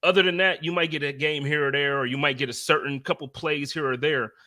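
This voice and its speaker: A podcast host with a bright, forceful voice on the high side runs a casual sports talk show. Energetic, animated and emphatic, he builds his points through repeated phrases and quick asides.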